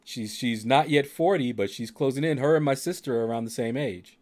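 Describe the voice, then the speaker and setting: A middle-aged man in easygoing talk with a game stream's audience and co-host. His voice sits at an ordinary middle pitch, and his delivery stays unhurried, laid-back and dryly joking. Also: darkish tone. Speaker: streamer hosting a gaming channel. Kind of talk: casual chat on a game stream.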